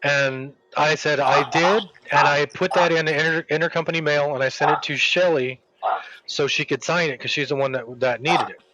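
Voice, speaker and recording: A man telling a long workplace story in casual chat while streaming a game, rambling and animated, acting out the people he quotes. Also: fairly high pitch, fairly quick, dull audio, heavy background noise.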